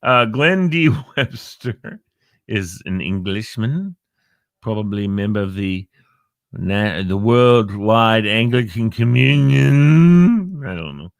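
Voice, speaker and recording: A man's voice: on the low side, lively intonation, slow, gravelly, no echo, studio quality. A middle-aged man hosting a live online show, chatting casually, joking and reading out viewers' names. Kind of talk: casual live-stream chat.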